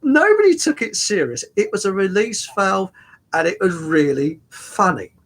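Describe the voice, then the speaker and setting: Older man, husky, slightly high voice, rambling stories, lots of ums, chuckles. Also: very animated. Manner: rambling, halting with many fillers and restarts; chuckles through his stories. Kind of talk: anecdotal casual chat.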